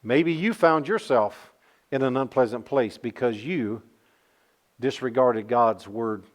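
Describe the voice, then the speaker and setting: A man's voice: mid-range voice, takes it slowly. A man preaching a sermon to a congregation, telling folksy stories and asking the listeners rhetorical questions. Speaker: pastor.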